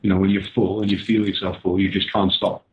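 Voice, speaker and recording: Husky man on a tinny line. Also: low-pitched, level tone. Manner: measured, explains with hesitant restarts. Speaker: personal trainer guest. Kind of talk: casual podcast chat.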